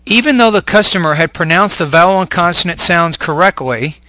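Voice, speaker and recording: Bright-voiced man teaching pronunciation. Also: on the high side, dry recording. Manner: clear, deliberate teaching delivery. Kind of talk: scripted instructional narration.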